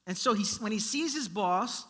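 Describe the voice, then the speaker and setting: A man preaching a sermon, telling a story in a lively way and acting out its characters. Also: sits high, moderate pace. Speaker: pastor.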